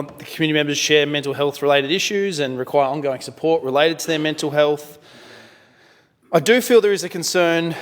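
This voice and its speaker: Australian man speaking in a reverberant chamber. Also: on the high side. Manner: measured, many fillers and self-corrections. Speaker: member of parliament. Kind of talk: parliamentary speech. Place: parliament chamber.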